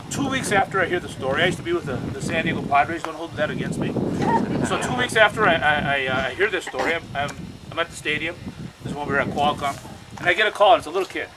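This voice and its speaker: Addressing a crowd outdoors, this American activist speaks quickly in a slightly high, expressive voice. He tells his stories with urgency, frequently repeating words, in a noisy outdoor recording.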